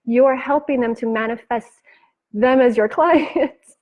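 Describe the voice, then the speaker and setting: A woman business coach giving a chatty, animated live talk, acting out her clients' lines and laughing often. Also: a little high, unhurried, highs cut off.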